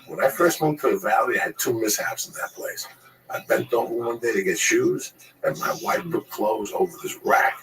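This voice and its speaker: A man telling a profane, animated comedy story and acting out the voices of the people in it, as if on a podcast. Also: on the low side, creaky, distant mic, slight background noise, rough recording. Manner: profane, rapid, acts out the voices.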